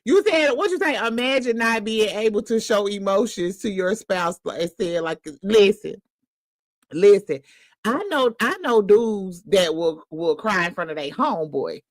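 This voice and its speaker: A woman hosting a reaction livestream, teasing and swearing in quick, animated bursts of casual commentary. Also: mid-range voice, no echo, studio quality.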